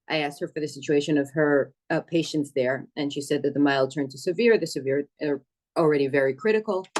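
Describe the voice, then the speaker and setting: A woman who works as an emergency medic and dispatcher, giving a spoken testimony in a steady, earnest storytelling manner with some hesitations. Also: deep voice, fast. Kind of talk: personal account speech.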